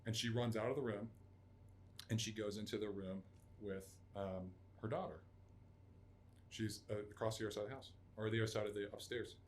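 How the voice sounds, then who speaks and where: A man's voice: fairly low pitch, steady tone, a little fast, slight background noise. Profane man telling a raw story. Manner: raw, profane, acts out quotes in loud outbursts. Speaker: podcast guest, Army veteran. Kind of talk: emotional storytelling interview.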